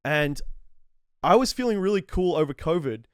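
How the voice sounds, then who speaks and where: An Australian man telling stories in a casual podcast chat, animated and quick. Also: a little high, clear, resonant tone, dry recording, studio quality. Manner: animated storyteller. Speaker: podcast guest.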